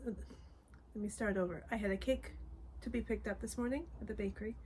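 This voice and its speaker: A woman's voice: mid-range voice, steady tone, a little fast, darkish tone. A middle-aged Canadian woman co-hosting a knitting podcast, telling stories in a cheerful, chatty way. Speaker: podcast co-host. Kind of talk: casual chat. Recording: faint background noise.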